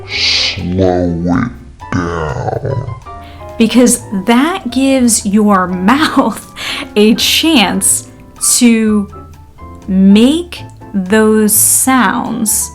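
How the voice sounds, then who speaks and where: A woman teacher walks through pronunciation at a slow, unhurried pace, stretching words out syllable by syllable. Her voice sits at an ordinary middle pitch, and her delivery is friendly and casual, with frequent light laughs. Faint music plays softly underneath. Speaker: language teacher. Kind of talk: pronunciation lesson.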